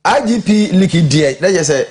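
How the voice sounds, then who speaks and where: A man with a Ghanaian accent co-hosting a morning TV show, reviewing newspapers in casual, animated chat. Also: sits high, moderate pace. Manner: animated, frequent short affirmations. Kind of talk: casual studio chat mixing Twi and English. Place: TV studio.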